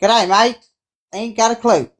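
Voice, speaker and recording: A woman putting on a brash, foul-mouthed Australian character with a put-on Australian accent, rambling loudly in improvised comedy role-play on a live stream. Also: on the high side, fairly even intonation, a little slow. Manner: loud, sweary, rambling.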